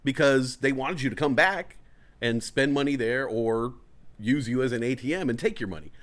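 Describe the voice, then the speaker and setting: This Bay Area man, a parent of a young child, hosts a talk show and spins a long, profane, rambling story in casual chat while acting out angry lines. His voice is mid-range and a bit bright, at a moderate pace.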